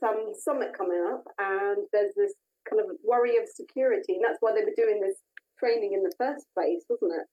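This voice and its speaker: A woman's voice: on the high side, dark tone, dull audio. A woman co-hosting a casual podcast from her home over a video call, chatty as she recaps an episode. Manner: chatty, recapping with laughs and fillers. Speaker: podcast co-host. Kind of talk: casual chat. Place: own home.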